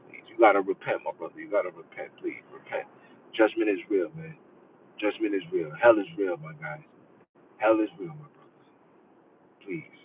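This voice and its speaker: Man doing a low, murmuring preachy brother, begging softly; thin far-off phone sound. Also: narrow, tinny audio, slight background noise, lightly acted. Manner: hushed, pleading, repeats "my brother". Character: soft-spoken pious man pleading with brothers.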